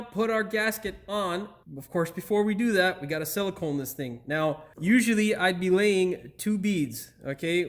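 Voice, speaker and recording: Male mechanic host with a higher voice, casual and jokey, swears freely while talking viewers through the job. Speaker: auto repair channel host. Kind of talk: casual how-to narration while working. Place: auto repair shop with a hoist.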